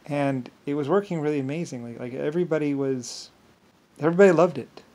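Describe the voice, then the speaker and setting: A man with a fairly high voice tells a long rambling monologue. He stops and restarts often, stacking fillers as he talks himself up in a grand, boastful way. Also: a little mellow. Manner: halting, many restarts and fillers.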